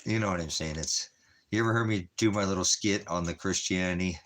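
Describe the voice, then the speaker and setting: A man's voice: low voice, a little fast, fairly bright tone, a little hiss or hum. A middle-aged man in casual chat, rambling and repeating himself with plenty of "you know" as he talks. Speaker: ministry vlogger.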